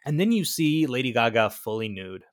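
This is a man co-hosting a film podcast in relaxed conversation. He jumps in with quick reactions and questions, and he quotes lines from the film along the way. His voice sits at an ordinary middle pitch. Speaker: podcast co-host. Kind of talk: casual chat.

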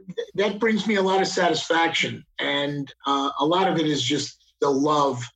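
A middle-aged man, a father, talking reflectively in a casual conversation, with many pauses and restarts. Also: fairly high pitch, creaky, a bit bright, low-quality recording. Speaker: guest, father of the host.

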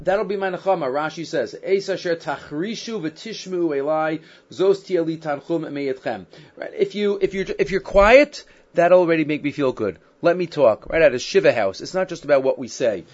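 A man's voice: on the high side, a little mellow. A man teaching a Bible text to a class, reading Hebrew verses and then explaining them in a conversational way full of "right?". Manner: conversational, with fillers and frequent rhetorical "right?". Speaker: Torah teacher. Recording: dull, lo-fi sound.

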